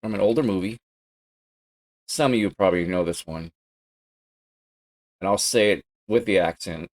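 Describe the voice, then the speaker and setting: Playing a racing game on a live stream from his home gaming setup, a deep-voiced man chats excitably at normal speed with frequent pauses. He yelps loudly and curses whenever he crashes, and the recording quality is low.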